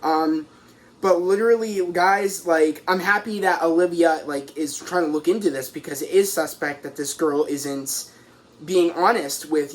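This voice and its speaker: A man excitedly recapping a TV episode as a reviewer, rambling and restarting as he goes. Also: a little high. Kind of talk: casual recap.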